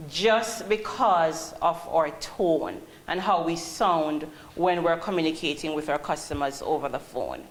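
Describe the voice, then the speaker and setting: Slow, deliberate woman trainer. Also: low voice. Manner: calls on students, asks questions. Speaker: call-centre trainer. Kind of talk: classroom teaching. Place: training classroom. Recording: roomy classroom, faint hum.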